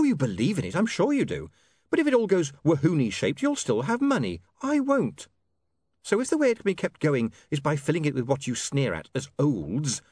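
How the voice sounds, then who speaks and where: A man voicing a sharp, indignant young working woman who lectures in a heated, snappy way. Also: fairly high pitch, husky, no room sound, clean studio sound, pitched above the performer's own voice, full character voice.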